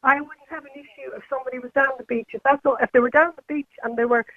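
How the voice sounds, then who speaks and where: A woman's voice: sits high, steady tone, very fast, dry recording. A woman with a Northern Irish accent calling a radio show from home, talking in an easygoing, chatty way. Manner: easygoing, talkative. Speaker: caller. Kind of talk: casual phone-in chat. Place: home by the sea. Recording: tinny phone line.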